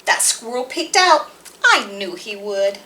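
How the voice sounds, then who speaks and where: A woman hosting a library storytime, reading rhymes and picture books aloud to toddlers in a sing-song, expressive way. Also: mid-range voice, measured pace, a little hiss or hum. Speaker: children's library storytime host.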